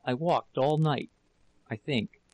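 A man reading the part of a weak, terrified young wife in an audiobook, speaking low, faltering and breathless. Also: unhurried, close to an everyday voice, low-quality recording. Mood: faltering, afraid.

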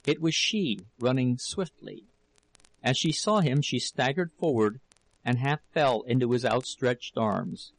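A man reading a novel aloud as narrator, in a steady, measured storytelling manner with a gravelly voice. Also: medium pitch, dry recording, poor audio. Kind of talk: audiobook reading.

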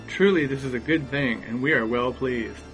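A man voicing pompous tribal priests who declaim brightly and quickly in a storybook reading. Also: medium pitch, faint music behind, close to an everyday voice, rough recording. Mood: proclaiming.

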